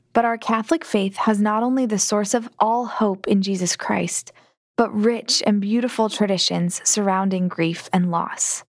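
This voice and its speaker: A woman's voice: mid-range voice, dry recording, studio quality. Woman narrating a faith podcast. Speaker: host narrator. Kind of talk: scripted narration.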